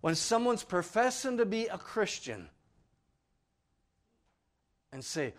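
A man preaching a sermon, emphatic and full of questions to his listeners, swinging between loud declarations and hushed asides. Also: high voice, very animated, takes it slowly, pauses often.

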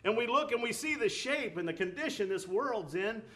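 A man's voice: sits high, expressive, normal speed, bright, forceful tone. A man preaching a sermon, earnest, with rising emphatic bursts, often repeating words and restarting phrases.

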